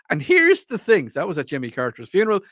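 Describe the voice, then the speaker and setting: A man's voice: high-pitched, wildly swooping pitch, moderate pace, a bit bright, no echo. An Irish man hosting a radio talk show, chatting in a rambling, jokey, self-mocking way into a studio microphone. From Ireland. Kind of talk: casual radio chat.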